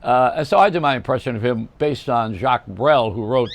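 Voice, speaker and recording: A man's voice: medium pitch, fairly quick. An older man, a radio host, telling anecdotes in a rambling monologue, often stopping to correct himself. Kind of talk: storytelling monologue.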